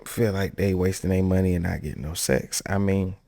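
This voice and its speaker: Deep gravelly man, slow and candid. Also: steady tone, dark tone. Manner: candid, laughs between points, loose restarts. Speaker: podcast host reacting to clips. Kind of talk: casual commentary.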